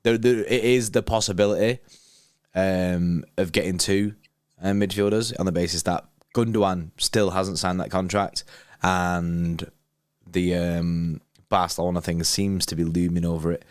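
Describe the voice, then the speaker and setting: A man's voice: sits low, steady tone, measured pace, clean tone, no echo, clean studio sound. A young man co-hosting a casual football livestream, chatty, laughing often and reading out viewer messages. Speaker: livestream co-host.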